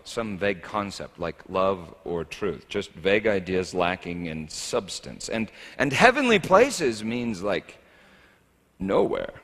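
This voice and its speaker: A man's voice: on the low side, a bit bright. A man preaching a sermon as a pastor, talking in a wry, conversational and humorous way. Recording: echoey hall reverb.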